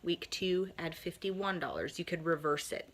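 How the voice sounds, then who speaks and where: A woman, a mom chatting casually with a bubbly, laughing, energetic manner. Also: lowish voice, moderate pace. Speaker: mom sharing family tips. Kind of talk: casual chat to camera.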